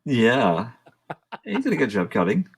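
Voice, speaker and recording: A man with a husky voice co-hosting a casual film review podcast, relaxed and full of "like". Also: mid-range voice, measured pace. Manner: relaxed, many "like" fillers. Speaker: podcast co-host.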